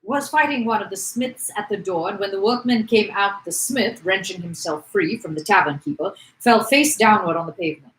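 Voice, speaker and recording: Lady reading a novel on a podcast, gets loud on the quotes, roomy echo. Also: mid-range voice, normal speed, hardly any pauses. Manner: lively, loud shouts for dialogue. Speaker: podcast co-host reading aloud. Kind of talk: casual read-aloud podcast.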